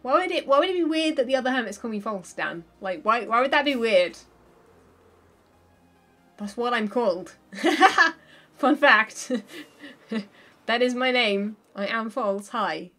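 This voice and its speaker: A woman's voice: on the high side, lively intonation, normal speed, a bit bright, faint music behind. A woman chatting casually on a livestream while she plays, laughing often and thinking aloud.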